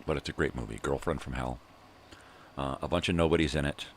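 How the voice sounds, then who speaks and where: An older man from Southern California, hosting a rambling morning video monologue in a profane, ranting way with drawn-out fillers. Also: rumbling low, a little hiss or hum. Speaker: vlog host.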